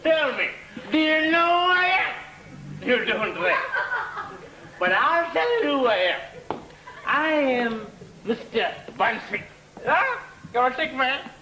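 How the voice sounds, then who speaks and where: In full character voice, very high-pitched, pushed and bright, and very animated, a male actor plays a tipsy show-off telling a story in a stage play. His delivery is slow, teasing and laughing through the boasts. A distant mic in an echoey hall adds slight background noise.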